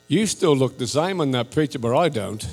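A man preaching to a church, joking and animated, laughing often and rising almost to a shout. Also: medium pitch, breathy edge. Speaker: visiting missionary preacher. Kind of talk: sermon, casual and joking. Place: large church hall. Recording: live church hall with reverb and faint music.

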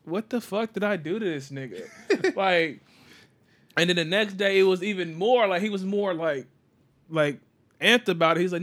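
A young man telling a work story in casual chat, animated and profane, heavy slang. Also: high voice, moderate pace.

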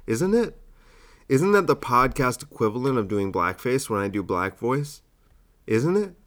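Comedian hosting alone, unhurried delivery, self-deprecating asides. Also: male voice, mid-range voice, fairly bright tone. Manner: self-deprecating, musing aloud. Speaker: comedian and podcast host. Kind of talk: solo comedy podcast.

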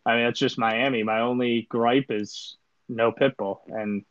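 A man's voice: mid-range voice, unhurried, dry recording, muffled recording. Laid-back man rambling about sports picks. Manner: laid-back, rambling with many fillers, deadpan joking. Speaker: podcast co-host. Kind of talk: casual sports podcast chat.

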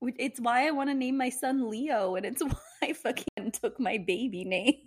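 A young woman co-hosting a podcast in casual chat, reacting to her friend's story, swearing freely and laughing loudly. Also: fairly high pitch, normal speed, slightly rough. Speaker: podcast co-host.

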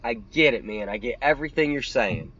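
A man's voice: medium pitch, animated, brisk, fairly bright tone, slightly rough, muffled recording. A man co-hosting a podcast, talking bluntly and swearing freely in casual chat. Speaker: podcast co-host.

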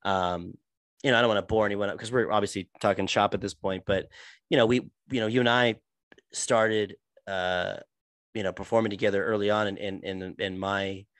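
A man's voice: on the low side, fairly even intonation, moderate pace, fairly bright tone, dry recording. Rambling young man talking shop. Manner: rambling, many restarts and fillers. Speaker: actor. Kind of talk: casual podcast chat.

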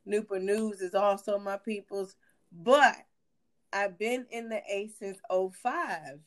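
A woman from Virginia co-hosting a podcast in casual chat, animated and emphatic, laughing often. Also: mid-range voice, slow pace. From Hampton, Virginia. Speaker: podcast co-host.

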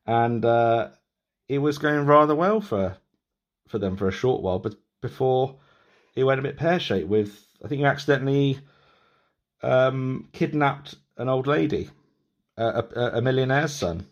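A man's voice: medium pitch, expressive, normal speed, dull audio. A man in his thirties hosting a podcast, chatting loosely with many restarts and laughs. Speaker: podcast host. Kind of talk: casual interview chat.

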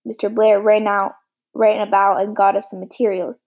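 A woman reading a classic novel aloud as an audiobook, steady with small slips. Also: medium pitch, normal speed, poor audio. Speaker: audiobook reader. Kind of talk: storybook reading.

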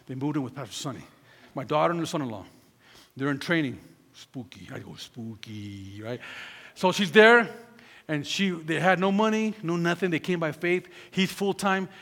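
Gravelly preacher in a reverberant hall. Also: male voice, fairly high pitch, fairly quick. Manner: storytelling, acts out quotes, swings from loud to hushed. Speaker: pastor. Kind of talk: preaching a sermon with a personal story.

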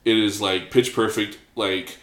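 Rambling low-voiced man, echoey room. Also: fairly even intonation, a little slow, a bit bright. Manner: rambling, lots of "like", jokey. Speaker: podcast co-host. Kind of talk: casual chat.

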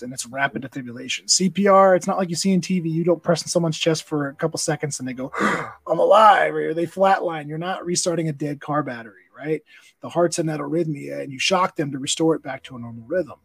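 A man's voice: a little high, quick pace, creaky, husky, no room sound, rough recording. A man, a police officer and nonprofit founder, telling his story earnestly and with emotion in a conversational interview.

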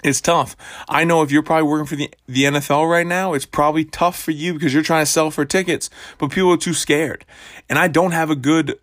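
A man's voice: fairly high pitch, steady tone, fairly quick, fairly bright tone, no room sound, studio quality. A young man hosting his own podcast, talking casually and bluntly in a rambling motivational monologue that is full of swearing. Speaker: podcast host.

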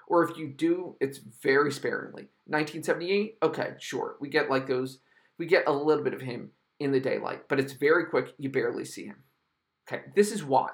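A man's voice: on the high side, a bit bright. A man hosting a solo podcast, reviewing a film in a sarcastic, exasperated rant full of swearing. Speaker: podcast host reviewing films.

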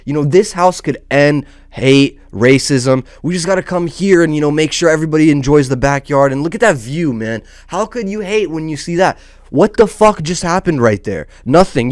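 A man riffing in casual, profanity-laced commentary, rambling and restarting his sentences as he goes. His voice comes through smooth and resonant, recorded dry and close with no room sound. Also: mid-range voice, no room sound. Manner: rambling, loose, with frequent restarts and "dude". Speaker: host of a small online channel.

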